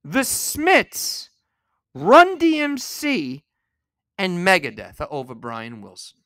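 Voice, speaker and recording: A man hosting a podcast alone, delivering an angry, profane rant that bursts into shouting. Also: high-pitched, big pitch swings, takes it slowly, no room sound, clean studio sound. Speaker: podcast host. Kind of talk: solo ranting podcast.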